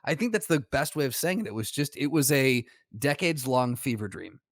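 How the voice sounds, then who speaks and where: A man's voice: medium pitch, animated, a little fast, no echo, clean studio sound. A man co-hosting a podcast in casual chat, easygoing, laughing along and trailing off mid-sentence. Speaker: podcast co-host.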